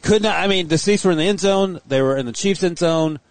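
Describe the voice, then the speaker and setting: Brief: slightly high male co-host, rambling and rushed, dry sound. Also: no echo. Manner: rambling, rushed, self-deprecating. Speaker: podcast co-host. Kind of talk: casual sports podcast chat.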